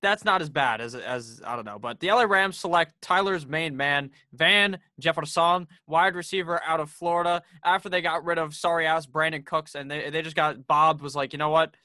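A man's voice: on the high side, moderate pace, hardly any pauses, pushed and bright, no room sound, clean studio sound. A man hosting a casual sports podcast, joking and swearing freely as he runs through picks. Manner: profane, joking, brash. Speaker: podcast host.

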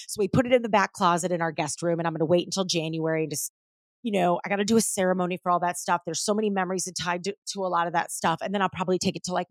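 A woman's voice: medium pitch, no echo, clean studio sound. Chatty, swearing woman podcast host. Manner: chatty and animated, many "like"s and swearing, acts out others' lines. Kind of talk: casual solo podcast monologue.

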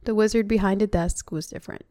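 A woman's voice: medium pitch, steady tone, quick pace, dark tone, no echo, clean studio sound. Woman reading a novel aloud, chatty. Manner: chatty, breaks off to comment. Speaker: reader.

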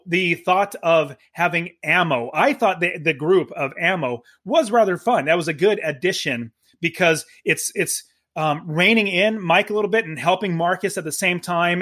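A man chatting casually as co-host of a movie review, animated and often stammering and restarting his sentences. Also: a little high.

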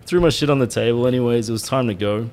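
A man's voice: mid-range voice, fast talker, a little mellow. A man co-hosting a podcast, telling rambling, sweary anecdotes and laughing often. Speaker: podcast co-host. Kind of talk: casual storytelling chat.

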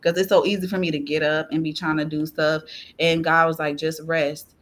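A woman guest on a podcast, sharing a personal faith testimony in an animated, laughing, tearful storytelling way. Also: low voice, fairly quick. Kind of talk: testimony in casual chat.

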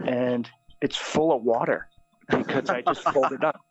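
Animated storytelling priest. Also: male voice, mid-range voice, normal speed, breathy edge, no echo. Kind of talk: storytelling in conversation. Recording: dull, dry lo-fi sound.

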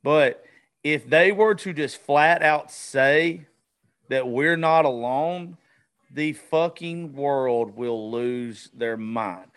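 A man's voice: fairly high pitch, slow pace, a bit bright, clear, resonant tone. A male podcast host in casual, profane chat, often stumbling and restarting his sentences.

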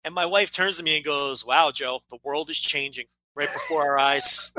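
A man's voice: fairly high pitch, moderate pace, pushed and bright, low-quality recording. A man co-hosting a wrestling podcast, telling stories with wry exasperation in casual chat. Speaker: podcast co-host.

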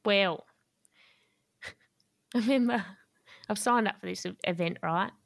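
A woman, a guest telling a personal story in an interview, lively and laughing often. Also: medium pitch, slow, gravelly, no room sound, studio quality.

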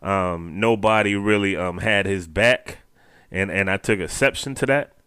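Chatty man with a bright, smooth voice. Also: sits low, unhurried, no room sound, clean studio sound. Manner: chatty, repeats phrases, chuckles often. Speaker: basketball fan show host. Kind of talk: casual post-game recap.

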